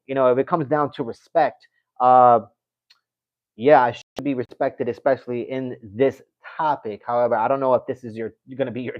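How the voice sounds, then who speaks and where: Laughing MMA livestream host, dry muffled sound. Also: male voice, mid-range voice, no echo. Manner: animated, laughs often, reads chat comments aloud. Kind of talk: casual livestream chat.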